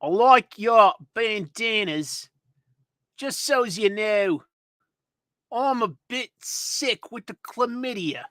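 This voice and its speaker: Give me a feeble, slow-talking koala mutant with a put-on Australian accent, played by a man. The voice is raised and bright and recorded close and dry. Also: high voice, expressive, no room sound, voice pushed up, exaggerated voice. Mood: sickly. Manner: slow, weak, sickly drawl. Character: sickly male koala mutant villain.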